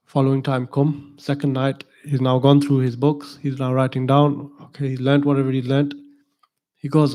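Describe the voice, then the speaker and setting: A man's voice: mid-range voice, little pitch movement, moderate pace, a little mellow. A man, a religious teacher telling a story in a talk, digressive and chatty with asides to the audience.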